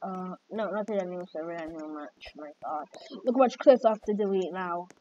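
A woman hosting gameplay commentary, excitable and reacting with repeated exclamations. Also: on the low side, a little fast. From Jamaica. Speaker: gaming channel host. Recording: dull lo-fi mic with faint noise.

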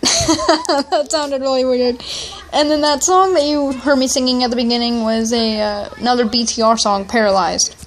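A woman YouTuber talks through a cartoon in a loose, chatty way. Her voice sits high, and she laughs often and breaks into excited little exclamations. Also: moderate pace. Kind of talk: casual reaction commentary.

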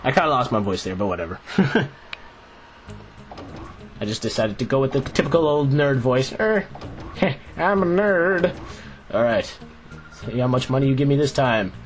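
A man casually commenting on his own video game play, chatty and excitable, laughing often. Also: mid-range voice, brisk, long pauses. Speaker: Let's Play host. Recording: game music playing underneath. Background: video game music.

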